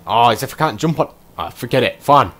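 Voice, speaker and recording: A man's voice: mid-range voice, lively intonation, fairly quick, a bit bright. A man commentating his own gameplay, exclaiming and muttering to himself in bursts. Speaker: gameplay streamer.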